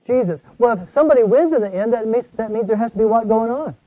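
An older man with a fairly high voice leads a Bible study, tossing questions to his listeners before answering them himself. He reads scripture slowly and with weight. The recording is dry and a little dull. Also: no echo. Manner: folksy, asks the class questions and answers himself. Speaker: Bible teacher. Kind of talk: conversational Bible study teaching.

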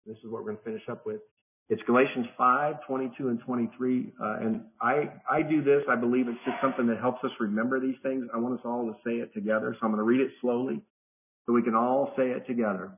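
A man's voice: medium pitch, steady tone, fast talker, a little hiss or hum. A man leading a Bible study lesson, talking conversationally and often restarting phrases as he teaches a group in person and remotely. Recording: phone-like narrow audio.

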